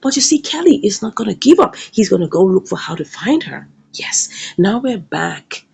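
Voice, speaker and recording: A woman retelling the plot of a drama episode in a lively storytelling way, leaning on "now said" and "you know" as she goes. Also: mid-range voice, normal speed, vocal fry, husky. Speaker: series reviewer.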